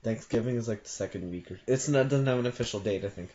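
A man's voice: mid-range voice, fast, highs cut off, crowd noise. Playful young male gaming co-host. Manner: playful, bickering, loud sign-offs. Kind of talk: casual Minecraft gameplay chat.

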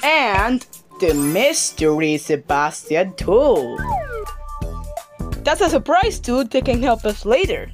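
A woman hosting a homemade kids' show, talking excitedly straight to the children watching. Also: on the high side, takes it slowly, over music. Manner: excited, talks straight to the kids.

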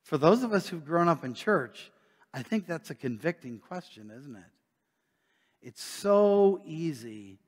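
Slightly high-voiced and animated, an American man preaches unhurriedly from a church sanctuary, chatting with his listeners and asking them rhetorical questions. The recording carries a long church reverb.

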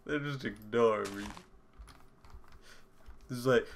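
A man's voice: fairly low pitch, lively intonation, measured pace, vocal fry, pauses often, sharp tone. A man giggling through casual gameplay commentary, goofing around with silly voices.

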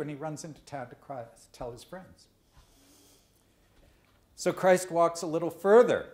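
Slow, deliberate man lecturing in an echoey room. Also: mid-range voice, a little mellow. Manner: deliberate storytelling with jokes. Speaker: guest speaker. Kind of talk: lecture to students. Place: lecture hall.

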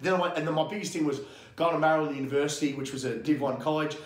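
A man's voice: fairly high pitch, rapid-fire, roomy sound. An Australian man speaking as a guest coach in a casual podcast interview, talking bluntly with lots of swearing, ranting and getting fired up.

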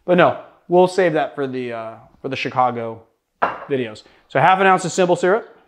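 A young man from Boston hosting a casual cocktail tutorial, chatty and joking about himself as he works. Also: on the high side. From Boston, USA. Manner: chatty, joking, self-deprecating. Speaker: cocktail show host.

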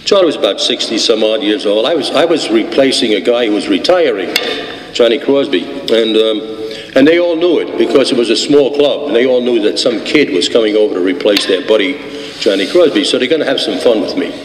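A man's voice: lowish voice, lively intonation, brisk, slight background noise. A man in his eighties with a Brooklyn accent, telling his life story to a meeting audience in a rambling, wry way, full of fillers and restarts. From Brooklyn, New York. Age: 80s. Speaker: recovery meeting speaker. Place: meeting hall. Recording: echoey hall from the audience.

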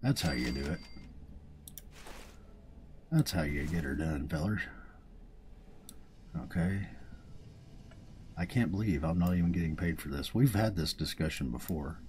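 Southern man for relaxed game commentary; folksy, self-amused, deep and mellow. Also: a little slow, long pauses, a little hiss or hum. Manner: chatty, folksy and self-amused, chuckling often. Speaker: let's play host. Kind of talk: casual gameplay commentary.

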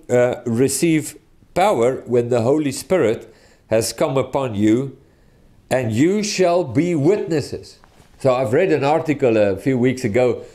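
A man preaching a teaching sermon with a mellow, relaxed tone. He speaks earnestly and deliberately, often restarting his phrases as he works through a point. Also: mid-range voice.

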